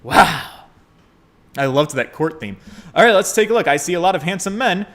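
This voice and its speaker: A man's voice: on the high side, expressive, moderate pace, fairly bright tone. A man giving casual, joking commentary while playing a game, swearing freely and talking to viewers. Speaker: let's play host.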